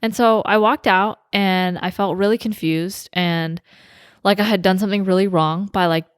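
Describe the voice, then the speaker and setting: A woman's voice: medium pitch, steady tone, moderate pace, clear, resonant tone, no room sound, studio quality. A woman co-hosting a podcast, chatting casually and acting out both sides of the story she tells. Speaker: podcast co-host. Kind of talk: casual chat.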